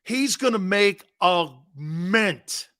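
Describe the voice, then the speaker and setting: A man's voice: high-pitched, animated, drawn-out words, sharp tone. A middle-aged man, a former player turned sports talk host, giving blunt, emphatic opinions and calling the listener "dude".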